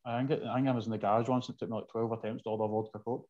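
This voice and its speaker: A man's voice: medium pitch, level tone, very fast, dull audio. A man with an Ayrshire Scottish accent, a podcast guest who tells joking anecdotes. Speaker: podcast guest, former Muay Thai champion. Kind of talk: casual chat.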